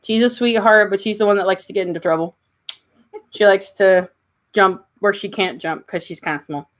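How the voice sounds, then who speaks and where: A Kentucky woman with a Southern accent hosts a livestream, speaking at a moderate pace in a medium-pitched voice. She's chatty, warm toward the comments coming in, and coos at her pets.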